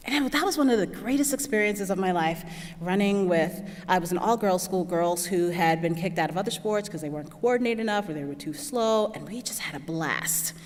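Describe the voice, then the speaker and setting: A woman at a mid-range pitch gives a storytelling keynote talk in a large hall, and her voice trails off in a long reverb. She keeps it chatty, laughs often and slips into the voices of the people she quotes. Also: lively intonation, fairly quick. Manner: chatty, laughs often, acts out what others said. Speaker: keynote speaker.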